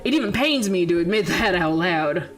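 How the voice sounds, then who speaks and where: A woman's voice: lowish voice, expressive, moderate pace, faint music behind, close to an everyday voice. A woman voicing a nervous, easily spooked young cop in a visual novel game, earnest and chatty.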